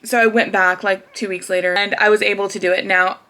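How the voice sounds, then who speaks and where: A woman's voice: mid-range voice, little pitch movement, a little fast, bright, forceful tone. Chatty young woman telling a story. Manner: chatty, laughs often, many fillers. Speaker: vlogger. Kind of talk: casual storytelling.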